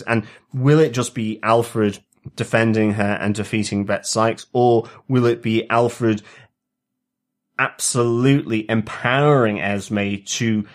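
A man's voice: lowish voice, fairly even intonation, takes it slowly. A man co-hosting a TV review podcast, talking casually and hesitantly, with many fillers and restarts. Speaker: podcast co-host.

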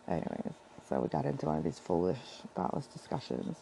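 A woman chatting casually about her Bible devotions, rambling and correcting herself often, with a heavy vocal fry. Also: extremely low pitch, sing-song, fairly quick, few pauses, warm tone, a little hiss or hum, poor audio. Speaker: vlogger sharing Bible devotions.

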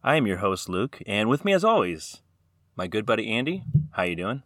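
Male podcast host, lower voice, easygoing chat with fillers, dry recording. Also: very animated, moderate pace, a bit bright, no room sound. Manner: chatty, hesitant with fillers. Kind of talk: casual chat.

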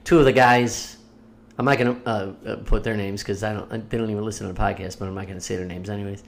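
A man on a podcast spinning casual stories, swearing freely and jumping into voices for the people he quotes. His delivery swings between low mutters and loud, excited bursts. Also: fast, vocal fry. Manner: animated, profane storyteller who acts out quotes. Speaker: podcast co-host. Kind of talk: casual storytelling chat.

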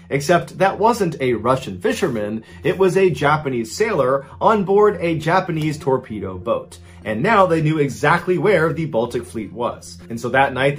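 A man hosting a history channel, telling a story in a brisk, chatty way, linking events with "and so". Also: medium pitch. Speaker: host.

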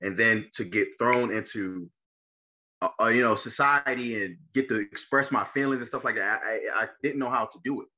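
A young man from Maryland telling his life story in an interview, halting and full of fillers and restarts. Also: mid-range voice, highs cut off. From Maryland, USA. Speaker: interview guest. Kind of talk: personal testimony interview.

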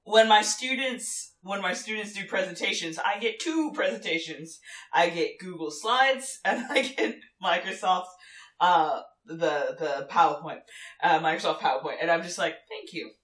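A woman co-hosting a podcast, a teacher talking in casual, emphatic bursts and swearing freely. Her voice is bright and clear, and the room adds a noticeable echo. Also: lowish voice, normal speed. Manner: emphatic, opinionated, swears, repeats words. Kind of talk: casual chat. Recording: roomy echo.

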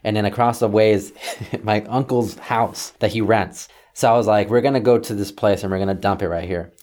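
A young man telling a story casually, swearing a lot and acting out shouted quotes. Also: lowish voice, brisk. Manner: profane, animated, acts out yelling quotes.

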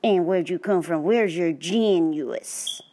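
A woman's voice: fairly low pitch, slow, mellow. A woman voicing a traffic cop questioning a plant in a mock-official tone, close to her own voice.

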